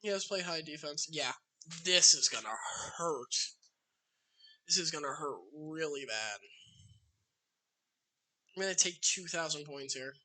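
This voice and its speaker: A man's voice: a little high, animated, unhurried, pauses often, sharp tone. A man streaming a card game live, chatting casually and talking to his opponent as he plays. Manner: chatty, talks to his opponent while playing.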